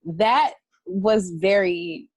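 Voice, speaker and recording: A woman's voice: medium pitch, drawn-out words, no echo. Candid woman guest, dry close sound. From Washington, D.C. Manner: candid, rambling, with frequent laughs and restarts. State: tearful at times. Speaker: poet and guest. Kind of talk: emotional interview conversation.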